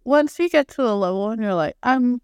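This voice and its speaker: A woman co-hosts a casual podcast and tells stories in a chatty way with many fillers. Her voice sits a little high and sounds smooth and clear. The recording is close and dry. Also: expressive, quick pace, darkish tone, no room sound. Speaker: podcast co-host. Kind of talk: casual chat.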